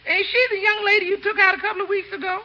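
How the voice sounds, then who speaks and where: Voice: extremely high pitch, little pitch movement, racing, pushed and bright, heavily acted. A performer playing a plainspoken household maid with dry humor in a 1940s radio comedy. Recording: dull old radio broadcast.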